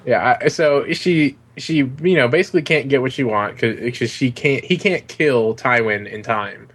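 Man, mid-pitched voice, casual podcast recap, joking, stops and restarts. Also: moderate pace, a bit bright, slightly rough. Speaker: podcast co-host.

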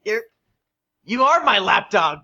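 A man's voice: sits high, big pitch swings, a little slow, bright, forceful tone, pitched above the performer's own voice, exaggerated voice. A man voicing a lazy, scheming male crime boss who makes crude, blustering threats, on a dull lo-fi recording.

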